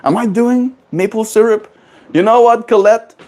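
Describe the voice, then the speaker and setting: A man's voice: high-pitched, moderate pace, darkish tone. A man live-streaming from home in a playful, silly way, chatting casually and answering viewers' comments. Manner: playful, silly, reads chat aloud. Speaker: livestreamer.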